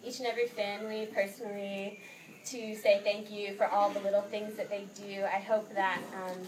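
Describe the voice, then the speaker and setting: A woman's voice: medium pitch, level tone, moderate pace. A young American woman, an exchange student, giving a heartfelt thank-you speech to her host family and laughing often as she tells stories. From United States. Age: young adult. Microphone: microphone held at a distance. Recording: distant mic, noisy outdoor ambience.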